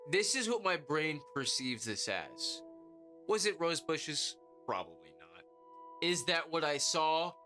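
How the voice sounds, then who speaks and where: A young man hosting a podcast, telling a story in a casual, profane way and acting out quotes in high voices. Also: pushed and bright. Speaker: podcast host.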